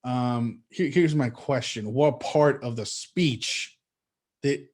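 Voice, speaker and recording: A man's voice: medium pitch, slow, a little mellow. A man co-hosting a political talk show, who builds his case with rhetorical questions and often repeats words as he starts a sentence. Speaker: podcast co-host.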